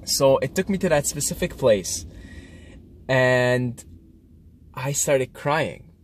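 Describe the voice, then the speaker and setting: A man in a casual confessional monologue, earnest and repetitive, swinging between hushed and emphatic delivery and often tagging on "right?" and "okay?". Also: medium pitch. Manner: frequent fillers like "right?" and "okay?". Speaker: vlogger recounting a psychedelic trip.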